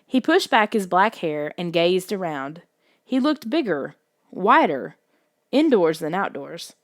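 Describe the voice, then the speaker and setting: Woman reading a story, lively and dry. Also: fairly low pitch, measured pace, dry recording. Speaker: audiobook narrator. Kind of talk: scripted first-person narration.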